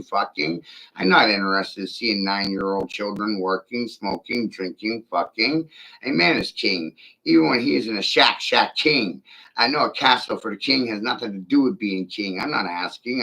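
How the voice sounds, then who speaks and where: A man's voice: fairly low pitch, creaky, sharp tone, rough recording. A man delivering an insistent, profane spoken-word monologue built on chanted, repeating rhymes.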